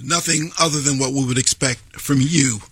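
A man hosting a radio talk show, giving a long introduction and interviewing a guest in a measured, emphatic way. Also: medium pitch, fairly even intonation, a bit bright, slightly rough, dry recording.

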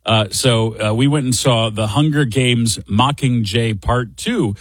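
A man's voice: medium pitch, measured pace, no room sound. A middle-aged man hosting a show, telling a casual story in a chatty, wry, self-deprecating way. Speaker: radio show host.

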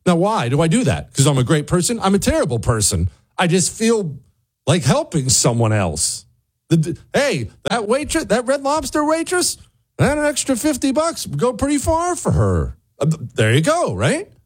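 A man hosts a talk show with a mocking, ranting commentary. His voice sits a bit high and leaps around in pitch, often jumping up for emphasis. He keeps wandering off into asides before returning to his point. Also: wildly swooping pitch, normal speed, slightly rough. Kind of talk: opinionated commentary monologue.

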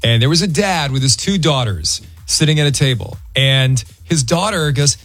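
Morning radio host, forties, male, slightly higher voice, playful self-mocking banter. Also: lively intonation, a bit bright, faint music behind. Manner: jokey, quick-witted, self-deprecating. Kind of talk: casual on-air banter.

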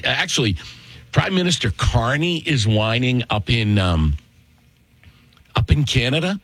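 A man hosting a political talk radio show, speaking in a sarcastic, mocking tone with sudden jumps up in pitch. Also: very animated, a little slow, pauses often, fairly bright tone, slightly rough.

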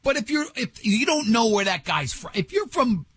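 A man's voice: extremely high pitch, very animated, normal speed, fairly bright tone, a little hiss or hum. A male radio host in casual talk, rambling and teasing, often stumbling over his own sentences. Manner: rambling, self-interrupting, teasing.

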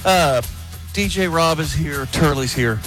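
A man hosting a live morning radio show on a headset mic, out of breath after rushing in. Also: fairly high pitch, fairly bright tone, soft background music. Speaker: radio host.

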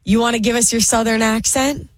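A woman's voice: fairly high pitch, fairly even intonation, fairly quick, no echo. A woman co-hosting a morning radio show, encouraging callers. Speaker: radio co-host.

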